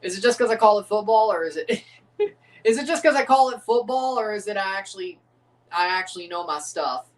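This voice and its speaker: A man's voice: sits high, expressive, brisk, far from the mic. An American man, chuckling and rambling through casual live commentary while reacting to a soccer match. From United States.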